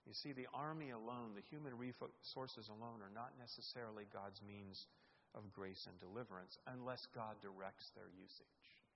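A middle-aged man preaching as a guest in a church sanctuary, earnest and emphatic, swelling louder on key words. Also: fairly low pitch, normal speed, gravelly, a little hiss or hum. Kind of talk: sermon. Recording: echoey hall, dull lo-fi sound.

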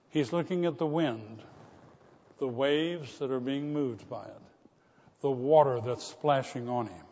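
A man preaching a sermon as pastor, dropping to hushed tones and rising to loud calls. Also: mid-range voice. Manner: dramatic shifts from hushed to loud. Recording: muffled sound with long hall reverb.

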